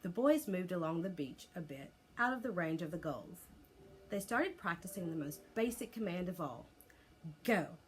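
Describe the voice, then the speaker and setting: A woman reading a children's chapter book aloud as a teacher, in an expressive, lively storytelling voice. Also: lowish voice, normal speed.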